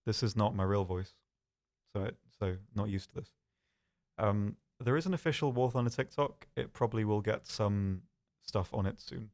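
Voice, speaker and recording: A young man talks through a casual live stream, reading out viewers' questions and answering them one by one. His voice sits a little low and stays soft and calm, and his delivery is dry and self-deprecating. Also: normal speed.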